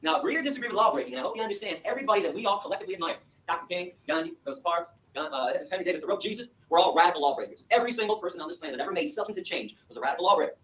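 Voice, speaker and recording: A man from Michigan giving an impassioned speech to an audience and taking questions, telling his story in a fast, emphatic, animated way. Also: high-pitched. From Michigan, USA. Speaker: activist lecturer. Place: lecture room with audience. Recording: echoey room, distant mic, faint hiss.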